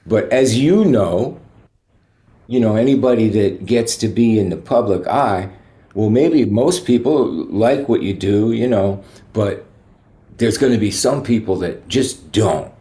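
A man with a lowish voice tells relaxed, rambling stories as a guest musician. He peppers his talk with "you know" and wanders through the details. The sound has a roomy echo around it. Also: measured pace. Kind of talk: relaxed anecdotal storytelling.

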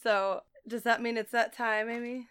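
A woman with a high voice chats casually as a podcast co-host. She retells scenes from a show with lots of laughter and swearing. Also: normal speed, smooth. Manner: laughing, profane, animated retelling. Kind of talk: casual chat recapping a TV show.

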